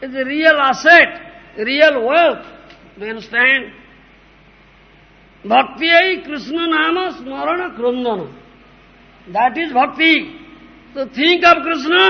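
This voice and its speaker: A man giving a devotional lecture as a spiritual teacher, repeating himself and checking that listeners understand, now and then chanting verses. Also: extremely high pitch. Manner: repetitive, asks listeners "huh?", "understand?". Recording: dull lo-fi recording in a reverberant hall.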